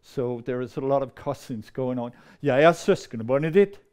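Man with a warm, mellow voice, rambling. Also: mid-range voice, moderate pace, clear, resonant tone. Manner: rambling, lively, laughs often. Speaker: storyteller. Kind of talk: casual talk to a live audience.

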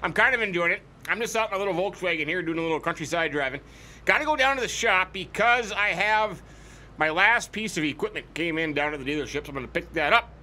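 A bright, forceful man rambles through a farming game with goofy asides, repeating words for fun. His voice sits a touch high for a man. A faint hum of game ambience runs underneath. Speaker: let's play host. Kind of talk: casual gameplay commentary.

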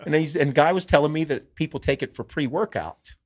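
A man hosting a podcast, telling a story in casual, profane, animated chat. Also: fairly high pitch, fairly quick. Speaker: podcast host.

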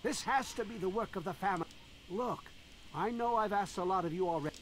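A man's voice: sits high, brisk, slight background noise, close to an everyday voice, low-quality recording. An actor playing a worried male village guard in a video game, talking in an urgent, concerned way. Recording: game audio with faint ambience.

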